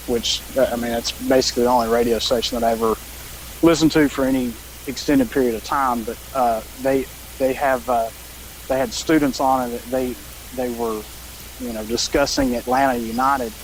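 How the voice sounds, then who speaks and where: A man's voice: mid-range voice, fairly even intonation, moderate pace, slight background noise, rough recording. A man, co-hosting a podcast and telling a rambling, laid-back story with fillers and swearing. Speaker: podcast co-host.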